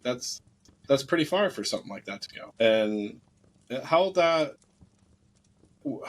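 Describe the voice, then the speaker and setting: A man's voice: medium pitch, low-quality recording. Rambling man on a casual podcast. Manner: meandering, frequent restarts and self-corrections. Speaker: podcast co-host.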